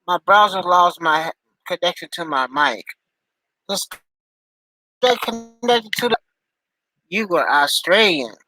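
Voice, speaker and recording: A man's voice: high-pitched, animated, slow, pauses often, pushed and bright, rough recording. A man chatting loosely with his live-stream viewers through a headphone mic, joking and calling people by name. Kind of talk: casual live-stream chat.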